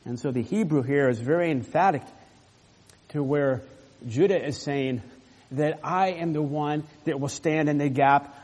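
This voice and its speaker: A male pastor preaches a sermon and explains a passage with earnest, emphatic stresses. His voice sits a little high for a man. It echoes with a long reverb, as if in a church sanctuary. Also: measured pace, darkish tone.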